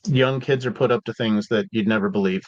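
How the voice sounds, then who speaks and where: A man's voice: on the low side, a little fast, no room sound. A man from Seattle, a podcast guest telling stories in a casual, slangy way full of "like" and "dude". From Seattle, USA. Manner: laid-back, slangy, peppered with "like" and "dude". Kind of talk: casual storytelling. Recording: dull, dry podcast audio.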